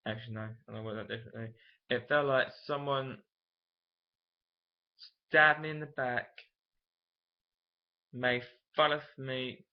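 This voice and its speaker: Rambling young man, lo-fi audio. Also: mid-range voice. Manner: rambling, emotional and frank. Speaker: vlogger. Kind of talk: candid personal storytelling. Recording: dull lo-fi camera audio.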